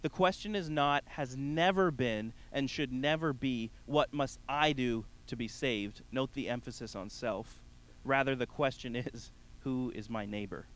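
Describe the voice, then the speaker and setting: A man preaching a sermon, addressing the congregation directly, rising to emphatic peaks and then dropping to a soft, quiet close. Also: medium pitch, measured pace, low-quality recording. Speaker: pastor.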